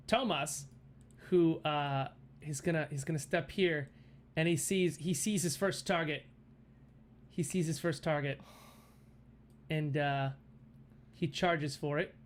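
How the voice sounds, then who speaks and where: A man narrating as game master of a tabletop game, halting with fillers and restarts and laughing often. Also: fairly high pitch, clean tone.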